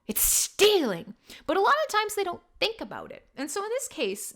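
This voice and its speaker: A woman's voice: fairly high pitch, bright, forceful tone. A young woman hosting a casual live stream, chatting with viewers and swearing as she goes. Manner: chatty, swearing, laughing, self-mocking. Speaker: live stream show host. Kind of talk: casual live-stream chat, reading chat messages.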